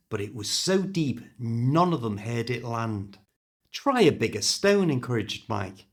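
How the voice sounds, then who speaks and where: A man with a British accent reading a story aloud for English learners, clear and expressive. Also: mid-range voice. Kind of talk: scripted story narration.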